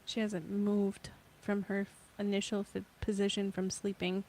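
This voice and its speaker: A woman's voice: mid-range voice, completely flat delivery, normal speed, a little mellow, slight background noise. A woman co-hosting a casual home podcast, telling rambling, chatty stories. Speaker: podcast co-host.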